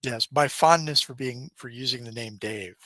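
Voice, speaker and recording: A man's voice: mid-range voice, moderate pace, pushed and bright, no room sound. A man co-hosting a podcast, telling jokey stories in casual banter and acting out phone calls. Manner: jokey storyteller, acts out phone calls in voices, laughs often. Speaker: podcast co-host.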